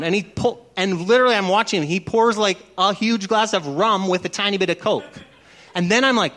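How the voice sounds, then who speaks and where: A man's voice: high voice, brisk, fairly bright tone. A man who is a pastor, giving a conversational sermon and telling stories that act out dialogue. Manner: chatty storytelling, acts out dialogue.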